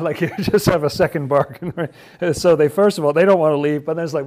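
A man's voice: a little high, a little fast, a little mellow. A man leading a casual Bible study, chatty and laughing often, who acts out the figures' lines in playful voices.

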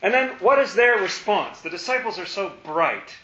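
A man teaching a Bible study, playful and animated, acting out the lines he quotes. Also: sits high, normal speed, slight background noise. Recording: roomy, dull lo-fi.

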